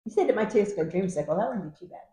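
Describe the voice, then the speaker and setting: A woman with a New York accent co-hosting a casual chat, playful and teasing and quick to laugh. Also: mid-range voice, animated, dark tone. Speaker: co-host. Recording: echoey room.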